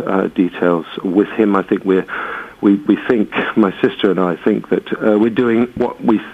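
A middle-aged man speaking as a radio guest, measured and thoughtful, pausing with ums. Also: on the low side, fairly even intonation, slightly rough. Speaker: guest on a phone line. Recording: phone line on radio.

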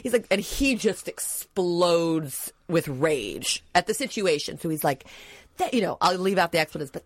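Lively American woman telling a story. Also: lowish voice, normal speed, dry recording. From United States. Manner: animated, acts out quoted voices, laughs while telling. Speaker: comedian guest. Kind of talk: casual radio chat, animated storytelling. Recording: dry radio studio mic.

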